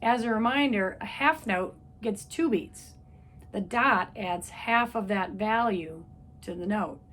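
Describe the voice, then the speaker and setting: A woman's voice: medium pitch, takes it slowly, fairly bright tone. A woman music teacher giving a patient, step-by-step trumpet lesson, counting beats aloud. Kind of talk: instrument lesson video.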